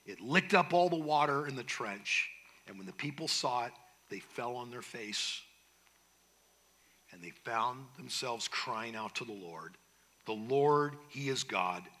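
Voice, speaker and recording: Bright-voiced male preacher. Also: medium pitch, animated, measured pace. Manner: storytelling preacher, swings from loud to hushed. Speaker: pastor. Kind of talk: sermon.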